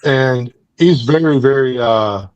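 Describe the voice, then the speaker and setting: A man's voice: medium pitch, slow pace, a little mellow, smooth, no room sound, dull audio. A man hosting a book club, casually recapping a comic book in a rambling way with lots of fillers. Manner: rambling, loose, many fillers.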